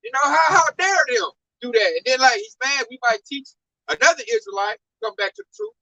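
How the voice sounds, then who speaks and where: High, bright-voiced fervent male preacher. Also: very animated, brisk, no room sound, recorded from a distance, rough recording. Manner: fervent, heavy use of "you know" and "man". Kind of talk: informal sermon teaching scripture.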